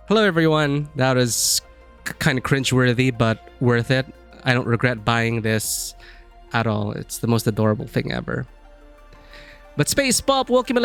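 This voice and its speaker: A man's voice: medium pitch, fairly bright tone. A man chatting casually on a live stream, rambling and friendly as he greets viewers.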